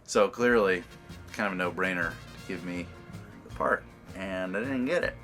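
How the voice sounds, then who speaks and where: A man telling a comic anecdote in an animated way. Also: low voice, normal speed, soft background music. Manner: animated storytelling with laughs.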